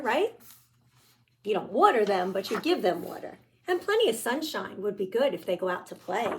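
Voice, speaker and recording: A woman's voice: medium pitch, big pitch swings, moderate pace. A woman teaching young children, explaining a craft and reading a picture book aloud, encouraging and talking straight to the kids. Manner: encouraging, speaks directly to kids, many "all right"s.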